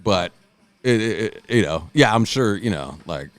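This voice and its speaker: A man's voice: moderate pace, no room sound. A man hosting a podcast, telling a wild story in casual, profane chat and acting out the people in it. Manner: profane, animated, acts out quotes in a loud high voice. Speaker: podcast host.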